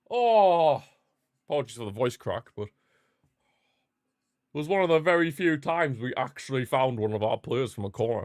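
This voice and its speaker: A young man hosting a live football watchalong, chatting casually and repeating himself, with sudden bursts of excitement. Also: mid-range voice, dry recording, clean studio sound. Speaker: watchalong host. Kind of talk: casual live match commentary.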